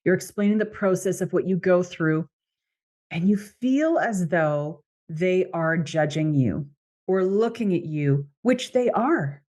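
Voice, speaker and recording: A woman's voice: on the low side, animated, measured pace, darkish tone. A middle-aged woman with a Canadian accent talks through a podcast monologue, chatty and anecdotal. She slips into quoted voices as she tells the story, in an easy conversational flow. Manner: storytelling, conversational, quoting others. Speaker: podcast host, coach.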